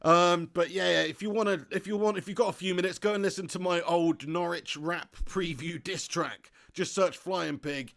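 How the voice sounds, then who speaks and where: A young man hosting a live football watch-along, reading viewer comments aloud and chatting excitably, laughing often and swearing casually. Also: high-pitched, moderate pace, creaky, hardly any pauses.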